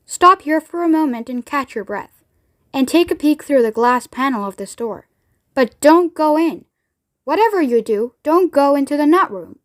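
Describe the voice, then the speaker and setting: A woman doing a brisk, excitable candy maker. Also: high-pitched. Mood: explaining. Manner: bouncy, urging, excitable. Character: brisk eccentric grown male chocolate maker.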